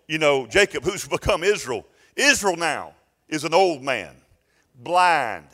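A pastor, telling a story and building to loud, fervent preaching in a sermon. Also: male voice, a little high, big pitch swings, a little slow, long reverb tail.

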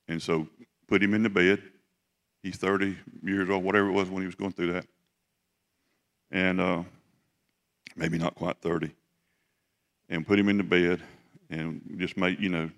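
A middle-aged man preaching, telling a personal story in a folksy, halting way with many restarts. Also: low voice, steady tone, fairly bright tone. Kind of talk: sermon storytelling.

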